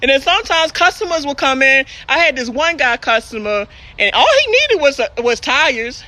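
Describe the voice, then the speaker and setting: A woman's voice: high voice, animated, normal speed, sharp tone. A woman with a Baltimore accent, a truck driver chatting animatedly on a live stream, laughing often and swearing while she reads viewer comments.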